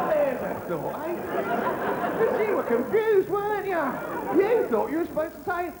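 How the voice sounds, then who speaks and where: A man's voice: very high-pitched, very animated, normal speed, over loud music, rough recording. A man doing a live stand-up routine, ranting with sarcastic mock disbelief. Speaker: stand-up comedian. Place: theatre stage. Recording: loud live-show ambience.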